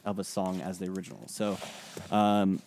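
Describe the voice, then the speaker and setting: Here a podcast co-host talks at a moderate pace in a low-pitched, level voice with a darkish tone. The conversation is casual, and his speech is halting and filler-heavy.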